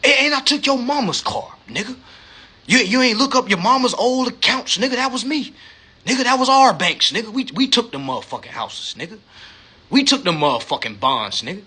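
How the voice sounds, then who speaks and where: A man's voice: extremely high pitch, big pitch swings, a little fast, sharp tone, breathy edge, pitched above the performer's own voice, heavily acted. A man voicing a ruthless bank boss who mocks debtors in a profane, swaggering way. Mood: taunting.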